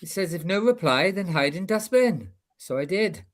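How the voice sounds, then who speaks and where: A man's voice: high voice, lively intonation, moderate pace, voice pushed up. A man putting on a Welsh Valleys page. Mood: playful. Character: Welsh king's page, a foolish young man.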